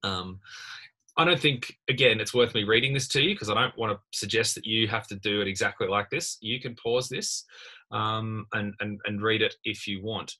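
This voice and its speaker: Husky, bright-voiced male lecturer. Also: lowish voice, normal speed. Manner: conversational, thinking aloud with many fillers and restarts. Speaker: university lecturer. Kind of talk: screen-recorded tutorial walkthrough.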